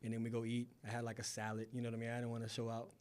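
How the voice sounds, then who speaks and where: A man in his forties from Florida, a guest telling relaxed, laughing anecdotes in casual chat. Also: medium pitch, very fast. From Florida, USA. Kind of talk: casual storytelling.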